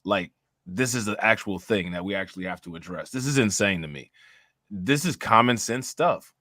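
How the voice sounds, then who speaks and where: Low, bright-voiced laid-back man. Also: normal speed, no echo. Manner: laid-back, laughs often, loose filler-heavy talk. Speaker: podcast host. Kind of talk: casual reaction chat.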